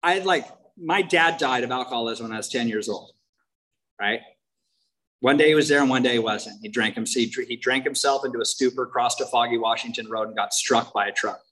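A man's voice: mid-range voice, brisk, fairly bright tone, rough recording. Main speaker at a recovery meeting: a candid, wry man with a Californian accent, telling his story. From United States. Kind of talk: personal recovery talk.

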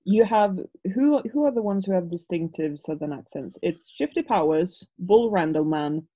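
A woman's voice: lowish voice, animated, moderate pace. A European woman speaking English as a second language, chatting casually as a podcast co-host, rambling with frequent restarts. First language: not English. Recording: slightly dull lo-fi audio.

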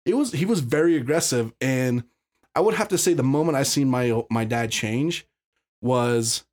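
A man's voice: mid-range voice, moderate pace, darkish tone. A man from Utah, a podcast guest, telling his story in casual, blunt talk full of profanity and restarts.

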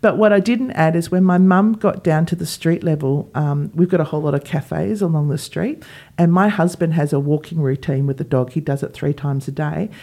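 Animated woman telling a story. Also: low-pitched, moderate pace. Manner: animated, acts out quoted dialogue. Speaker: podcast co-host. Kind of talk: casual storytelling chat.

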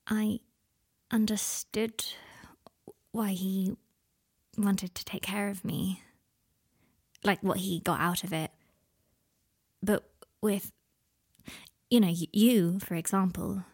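A hesitant young woman murmurs in a low, halting way, voiced by a woman reading an audiobook. Her voice is gravelly and breathy, pitched in an ordinary middle range. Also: steady tone. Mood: hushed. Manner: soft, halting, near-whispered.

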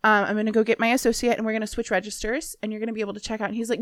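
A woman's voice: on the high side, very fast, no room sound. A woman co-hosting a podcast, telling a work story in casual chat and acting out the people in it. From Washington State. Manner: animated storyteller, acts out customers in a raised voice. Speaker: podcast co-host.

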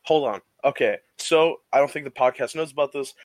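A man's voice: medium pitch, fairly quick, no echo. Crude joking young man, dry sound. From Michigan, Midwest US. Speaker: podcast co-host. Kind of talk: casual chat.

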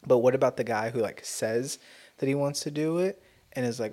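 A man's voice: mid-range voice, normal speed, a little mellow. A man from the United States co-hosting a casual podcast chat, teasing his friend and swearing casually. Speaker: podcast co-host.

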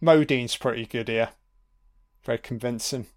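Guy doing a film commentary, chatty, swears a lot, mid pitch. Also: normal speed.

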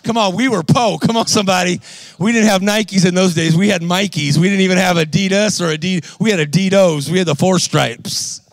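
Man, preacher, high voice, animated, exhorting, dry close sound. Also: a little fast, dry recording. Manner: animated, exhorting, calls to the crowd. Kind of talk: energetic sermon.

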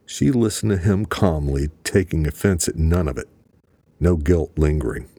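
A man narrating an audiobook in a steady, measured storytelling voice. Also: very deep voice, no room sound. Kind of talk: scripted narration.

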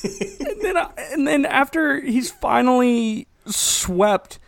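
A man recapping a movie for laughs, animated and often breaking into laughter. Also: very high-pitched, takes it slowly, gravelly, no room sound. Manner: animated, laughing, joking storyteller.

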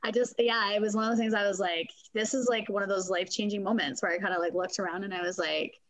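A woman's voice: medium pitch, steady tone, fast talker, a bit bright, no echo, rough recording. A woman, talking candidly in a casual interview, swearing freely and acting out quotes. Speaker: guest.

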